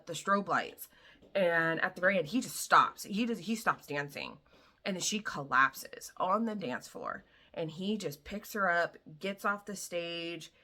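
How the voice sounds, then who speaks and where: A woman vlogger casually recapping a novel, chatty and full of "like" and "you know", quietly acting out the characters' lines. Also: sits low. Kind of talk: casual book summary.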